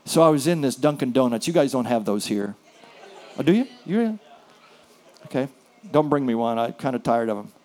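A man preaching a sermon as a pastor, telling a story with hushed, soft passages and sudden louder bursts. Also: medium pitch, expressive, normal speed, pauses often.

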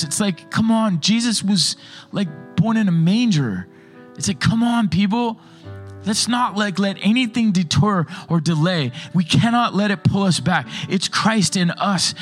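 A man pastor preaching a sermon, telling stories in an animated way. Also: high-pitched.

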